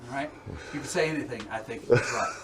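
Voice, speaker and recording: Speaking quickly in a mid-range voice, a man shows a group around a distillery, from the warehouse to the tasting room. He keeps it folksy and conversational, regularly asking "okay?" or "all right?" in a distant, noisy recording.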